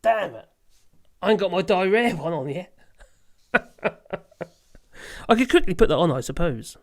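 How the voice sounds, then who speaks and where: A livestream host chats casually in a lively voice that swings widely in pitch. The host rambles from thought to thought, laughs often and swears offhandedly. The delivery is loose and unscripted. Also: unhurried. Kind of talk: casual live chat.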